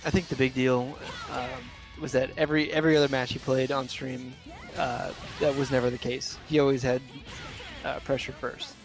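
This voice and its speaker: A man giving color commentary on a fighting game tournament from home, relaxed and joking with his partner. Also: medium pitch, normal speed, music in the background. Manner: relaxed, laughs often, joking. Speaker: esports co-commentator.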